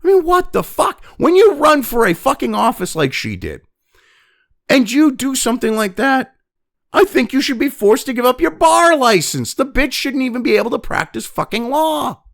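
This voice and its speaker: A man's voice: very high voice, big pitch swings, gravelly, fairly bright tone. Exasperated, foul-mouthed man ranting. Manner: profane, exasperated ranting with heavy sighs; reads news text quickly, then breaks off to vent. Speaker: news commentary host. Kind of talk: ranting news commentary.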